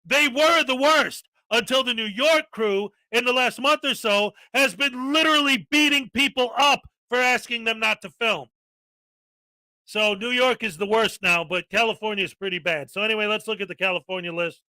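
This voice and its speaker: A man with a high, very bright voice rants through a casual live-stream chat and reels off long lists. The sound is close and dry. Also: normal speed, no room sound, rough recording.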